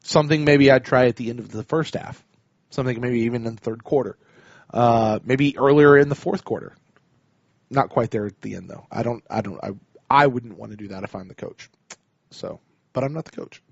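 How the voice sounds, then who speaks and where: A man's voice: medium pitch, brisk, creaky, no echo. A man co-hosting a sports podcast, reading listener emails in a laid-back, chuckling way. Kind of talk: casual sports chat. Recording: dry, slightly dull podcast audio.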